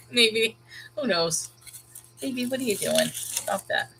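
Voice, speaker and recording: Slow and expressive, a woman with a slightly high, gravelly voice hosts her channel in a casual chat. She rambles, cuts off her own sentences, and keeps laughing, all against a noisy background.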